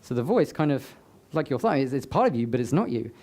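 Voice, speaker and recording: A man's voice: medium pitch, sing-song, quick pace, darkish tone. A man giving a motivational talk to a live audience, conversational, with joking asides to the crowd. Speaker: summit speaker. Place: live event before an audience.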